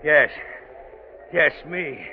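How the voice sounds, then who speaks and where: An actor playing a callous, defiant fisherman with a gruff, sneering manner in a 1940s radio drama. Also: fairly high pitch, drawn-out words. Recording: dull old radio broadcast with heavy noise.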